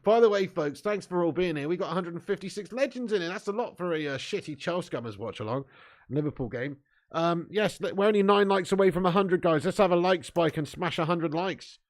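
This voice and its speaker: This high-pitched male voice moves a little fast. On his football watch-along stream he banters with viewers in a laddish, swearing style, laughs often, and offers live chat and match commentary.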